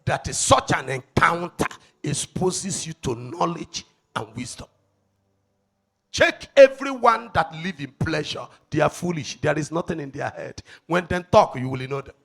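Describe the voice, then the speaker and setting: A man with a Nigerian accent preaching a sermon as an evangelist, swinging between shouted lines and low asides and asking the congregation rhetorical questions. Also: expressive, measured pace, creaky, breathy edge.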